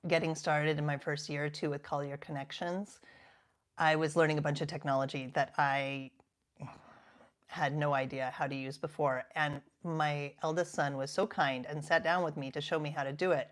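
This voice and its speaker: A woman in her fifties, a coach talking reflectively and earnestly, sometimes sinking to a soft half-whisper for emphasis. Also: low voice. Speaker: coach and podcast host. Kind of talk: reflective self-help talk.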